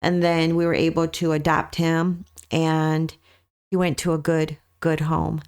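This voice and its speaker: A woman's voice: deep voice, flat delivery, a little slow, clear, resonant tone. A woman, a dog breeder, telling a story as a podcast guest in an earnest, emphatic way, often repeating her key points. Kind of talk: conversational storytelling.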